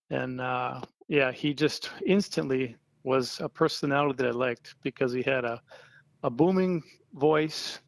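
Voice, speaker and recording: A middle-aged man from Wisconsin, an interview guest, talking in a relaxed, rambling way with many fillers. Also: mid-range voice, gravelly, no room sound. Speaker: interview guest, sign painter. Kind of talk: casual phone-style interview.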